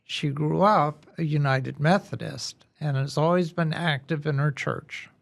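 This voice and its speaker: A man hosting a spiritual podcast, introducing his guest in a measured, conversational way while losing his voice. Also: a little high, vocal fry. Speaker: podcast host.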